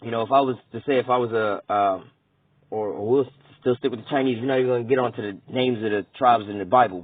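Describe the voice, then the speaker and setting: A man's voice: medium pitch, husky, no room sound. A man teaching scripture in a blunt, casual, profane style, rambling and checking in with his listeners again and again. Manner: blunt, profane, rambling, asks "all right?" often. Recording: tinny phone-like recording.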